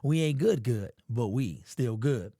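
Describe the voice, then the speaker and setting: A man hosting a sports fan vlog, talking in casual, animated commentary with slangy, emphatic exclamations. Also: mid-range voice, a little slow, dry recording, studio quality. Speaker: sports fan channel host.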